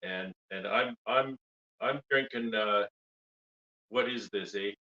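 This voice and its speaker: A man's voice: on the low side, slow, pushed and bright, reverberant, muffled recording. A man hosting a beekeeping live stream from a wood shop, rambling in jokey banter. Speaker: host, beekeeper.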